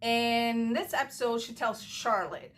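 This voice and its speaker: A woman's voice: a little high, measured pace, a bit bright. A woman giving a casual, opinionated TV recap, talking straight to camera and acting out quotes with animation. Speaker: TV recap vlogger.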